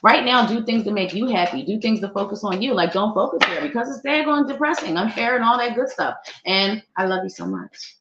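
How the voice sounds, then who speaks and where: A woman gives a psychic tarot reading on a live stream, chatty and playful as she talks to her viewers. Her voice sits at an ordinary pitch for a woman. The sound is roomy and a little dull, like lo-fi stream audio. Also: a little fast, background noise. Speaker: psychic reader.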